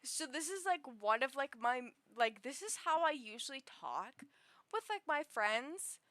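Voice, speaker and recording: A young woman streamer chatting casually with viewers in a high, girlish voice, rambling and giggling with frequent restarts. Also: big pitch swings, measured pace, fairly bright tone, dry recording. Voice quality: high, girlish voice others have called annoying.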